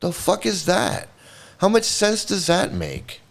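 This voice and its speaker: Angry ranting man, lively pitch. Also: slow pace, creaky. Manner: angry, sarcastic, heavy swearing. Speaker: host. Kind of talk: profane ranting livestream commentary.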